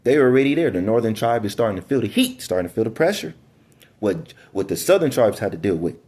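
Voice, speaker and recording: A man's voice: lowish voice, very animated, fast, darkish tone, breathy edge. A man giving a casual Bible teaching, reading scripture aloud in an emphatic way with slangy asides and frequent stumbles over words. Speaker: preacher.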